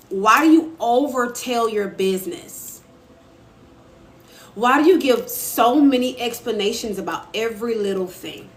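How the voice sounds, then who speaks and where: A young woman talking casually to viewers on a live stream, answering their comments as she goes. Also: fairly high pitch. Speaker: author and live-stream host. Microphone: phone. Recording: echoey room with faint ambient noise.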